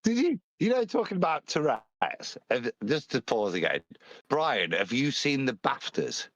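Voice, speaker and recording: Blunt, halting British man. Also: medium pitch, big pitch swings, fairly bright tone, dry recording, dull audio. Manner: halting, blunt and crude, with many restarts. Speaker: co-host. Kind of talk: casual live-stream chat.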